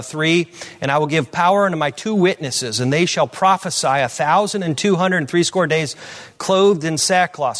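Guy preaching a sermon, kinda high voice, reads scripture then rambles w lots of uh's, goes quiet then booms. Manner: reads scripture aloud, then comments with many fillers; swings from low asides to loud, high declarations. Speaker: pastor.

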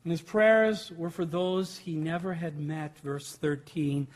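High-voiced emphatic male preacher. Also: unhurried, few pauses. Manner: emphatic preaching with rhetorical questions. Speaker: pastor. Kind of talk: sermon.

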